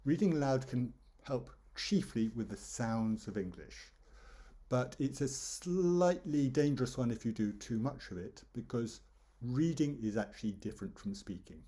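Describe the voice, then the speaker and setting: A man teaching pronunciation over slides, explaining calmly and demonstrating stress and intonation with example phrases. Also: mid-range voice, moderate pace, slightly rough. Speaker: English teacher.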